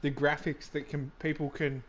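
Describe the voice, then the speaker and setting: A man's voice: on the high side, flat delivery, normal speed, a little hiss or hum. A man hosting a live racing game stream, chatting casually and joking with his co-host, with loose restarts.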